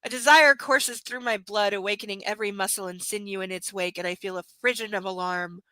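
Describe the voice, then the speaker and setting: Female live-stream book reader with a crisp, forceful tone. Sarcastic running commentary, occasional whispered passages. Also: medium pitch, steady tone, brisk, no echo, poor audio. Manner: sarcastic, mocking asides. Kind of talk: reading a novel aloud with commentary.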